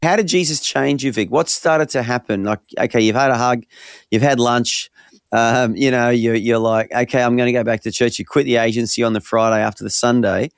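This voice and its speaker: A man interviewing a guest, asking relaxed, prompting questions in a conversational way. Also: mid-range voice, fairly quick, vocal fry, smooth, no room sound, studio quality.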